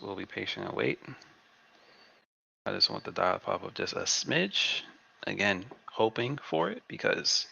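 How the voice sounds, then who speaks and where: A man talks through a live trading session in a relaxed way, often repeating himself. His voice is heavily gravelly yet bright and forceful, and sits a little low. The audio is dry and dull, like a lo-fi desk mic. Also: no room sound. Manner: laid-back, repeats phrases to himself. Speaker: trading stream host. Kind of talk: live market commentary.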